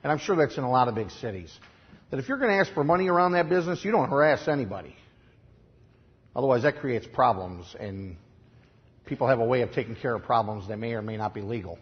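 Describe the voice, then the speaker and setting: A man with a Chicago accent preaching a sermon, telling stories in a conversational way and swinging from quiet asides to loud, emphatic lines. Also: mid-range voice, lively intonation, fast, dull audio. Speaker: pastor.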